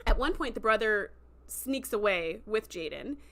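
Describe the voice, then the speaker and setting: A woman's voice: mid-range voice, animated, measured pace, fairly bright tone. A woman hosting a casual livestream review, telling the story in an emotional, chatty way and acting out the quoted lines in voices. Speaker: host.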